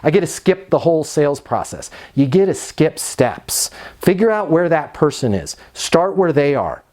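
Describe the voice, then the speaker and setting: A middle-aged man giving an energetic, emphatic sales training talk, sometimes acting out both sides of phone calls. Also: medium pitch. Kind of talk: instructional talk with role-played phone calls.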